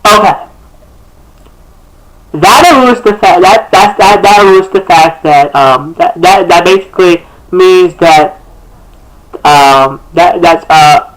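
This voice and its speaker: A man's voice: sits high, slow, long pauses, fairly bright tone, poor audio. A young man talking casually to his camera, breaking down his own song lyrics in a sassy, chatty, rambling way. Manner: sassy and chatty, calls people girl, many restarts. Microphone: camera facing him.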